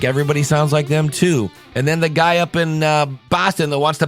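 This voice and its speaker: With soft background music, a slightly high male voice holds a steady tone at a moderate pace, barely pausing. The speaker, a podcast coach and host from Ohio, USA, talks chattily about accents in his Midwestern American accent, keeping things upbeat.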